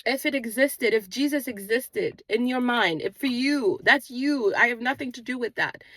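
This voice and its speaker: A manifestation channel host talks while out on a walk, giving an earnest spiritual pep talk in a repetitive, preaching rhythm. She has a non-native English accent of unstated origin, which she points out herself. Her voice sits fairly high with a sharp tone at a moderate pace, and there's no echo.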